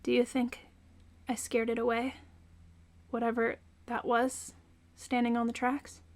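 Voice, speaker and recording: A woman's voice: fairly high pitch, completely flat delivery, a little slow. Melly, a stormy young woman read by a woman. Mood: somber. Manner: outbursts of yelling between quiet brooding. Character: young woman with storm powers, angry and grieving.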